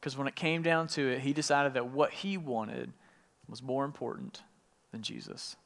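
Preacher in a long-echo hall. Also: male voice, mid-range voice, normal speed, gravelly. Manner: retells scripture in casual paraphrase, with lively voiced quotes. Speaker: pastor. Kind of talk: sermon.

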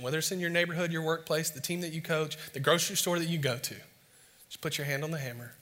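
A man from the States, preaching a sermon as an animated, self-mocking storyteller before a live audience. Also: a little high, quick pace, in a large hall. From Southern United States.

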